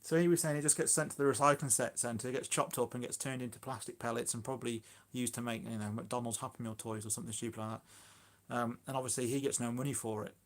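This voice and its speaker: A man's voice: mid-range voice, fairly even intonation, fast talker, few pauses. A man chatting casually on a phone live stream about his allotment, rambling and self-deprecating. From Shropshire, England.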